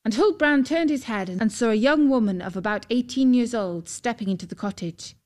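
A woman narrating a fairy tale in a calm, measured storytelling manner. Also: fairly high pitch.

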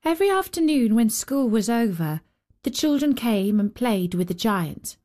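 A woman hosting and narrating a fairy tale with gentle, expressive storytelling. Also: fairly high pitch, normal speed. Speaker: storyteller and host.

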